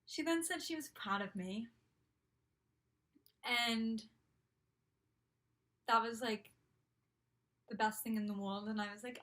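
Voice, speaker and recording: A college-age young woman vlogger tells a story casually, gushing and packing her speech with "like" and "um." Her voice is fairly high and a bit bright, and she talks slowly with frequent pauses.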